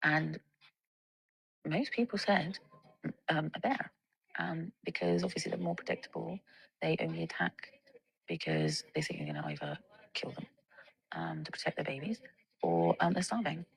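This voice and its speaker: A woman's voice: sits low, very animated, moderate pace, gravelly, pauses often, poor audio. A young woman in a casual monologue, ranting with lots of swearing and filler words. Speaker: vlogger.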